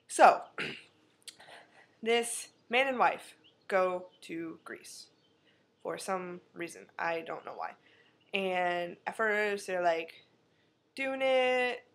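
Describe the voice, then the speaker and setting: A woman vlogger in a casual rant, rambling, exasperated and swearing freely as she mocks what she watched. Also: medium pitch. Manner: exasperated, rambling, profane, mocking. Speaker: vlogger reviewing a movie.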